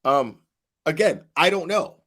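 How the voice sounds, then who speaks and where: A man giving casual livestream commentary, halting and repeating words as he questions and answers his chat. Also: on the high side, lively intonation, fairly bright tone. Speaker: online commentator.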